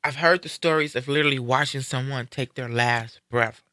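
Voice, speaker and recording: A man's voice: medium pitch, normal speed, dry recording, studio quality. A man hosting a live stream, telling a personal story in an earnest, reflective way and acting out what others said. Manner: earnest, reflective, animated when quoting others.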